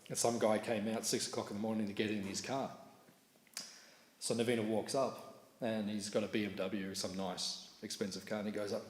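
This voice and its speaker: A man's voice: fairly low pitch, darkish tone. A middle-aged man giving a morning scripture class, telling anecdotes in a chatty way. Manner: chatty storytelling, laughs at own anecdotes. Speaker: class speaker. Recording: echoey hall with faint room noise.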